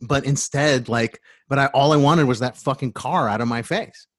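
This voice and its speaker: A man telling a story in a casual, animated way, swearing freely and tripping over his own restarts. His pitch sits in the middle for a man. The sound is close and dry, with no room echo. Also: moderate pace. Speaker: storyteller in a talk.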